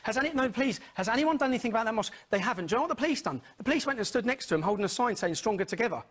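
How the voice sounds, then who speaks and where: A man argues hard as a guest in a live TV studio, his voice pitched high and his words tumbling out fast. He is insistent, talks over the other man and keeps demanding to finish. The tone is a little husky. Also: animated, fairly bright tone. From Luton, England. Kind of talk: heated live TV debate.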